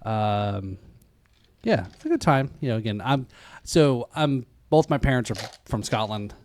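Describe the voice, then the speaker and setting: A man's voice: medium pitch, big pitch swings, unhurried, a little mellow, no echo. An American man co-hosting a podcast, a drummer who chats along and readily agrees with the others. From United States. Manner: agreeable, chatty. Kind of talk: casual podcast chat.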